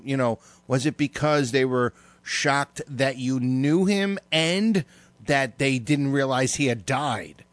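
A man's voice: medium pitch, fairly bright tone, dry recording. A man co-hosting a talk show in casual chat, rambling with many restarts and frequent laughs. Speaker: radio show co-host.

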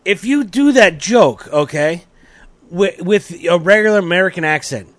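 A man's voice: high voice, expressive, moderate pace, a bit bright, dry recording. A man, co-hosting a podcast in easygoing casual chat and laughing along. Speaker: podcast co-host.

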